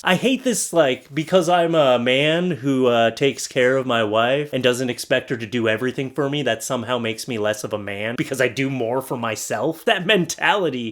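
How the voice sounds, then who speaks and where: A young man from Canada hosting a casual reaction show, talking sarcastically and swinging between loud outbursts and mutters. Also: medium pitch, moderate pace, hardly any pauses. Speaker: host reacting to posts.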